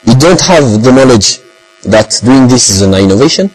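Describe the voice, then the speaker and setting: Man, English, rambling storytelling, frequent fillers, mid pitch, low mains hum. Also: lively intonation, normal speed, low-quality recording. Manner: rambling, heavy use of fillers and Arabic phrases. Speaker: speaker recounting experiences. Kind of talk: casual talk in English.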